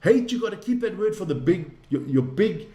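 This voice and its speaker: A man hosting a casual live stream, rambling, swearing freely and getting excitable. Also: high voice, moderate pace, reverberant.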